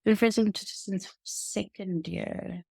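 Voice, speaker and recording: A woman co-hosting a casual chat, relaxed, steering the talk with quick asides. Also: medium pitch, creaky, husky, dry recording, studio quality. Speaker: podcast co-host.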